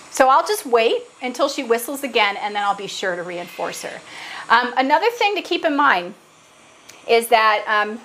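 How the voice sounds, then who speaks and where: Woman, middle-aged, animal trainer; earnest Q&A explainer on a video call, voice a touch high. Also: a bit bright, slight background noise, poor audio. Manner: earnest, patient, example-driven.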